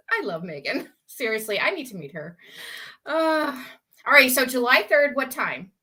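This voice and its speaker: A woman's voice: high voice, very animated, takes it slowly, long pauses, pushed and bright. A woman with a Southern US accent, co-hosting a casual live video chat, teasing and laughing often. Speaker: co-host.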